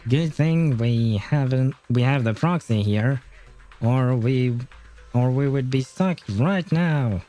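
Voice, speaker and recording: A man's voice: mid-range voice, slow, mellow, soft background music, close to an everyday voice. A man attempting a nasal teenage girl. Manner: half-hearted attempt at a nasal voice.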